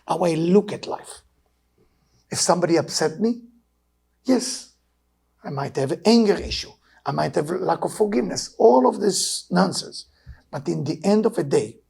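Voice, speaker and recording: An Israeli man in his sixties teaches Kabbalah in an impassioned sermon. His gravelly, very raspy voice rises to urgent pleading, then sinks to hushed, heavy tones. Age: 60s. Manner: emotional, swinging from loud urging to low hushed tones.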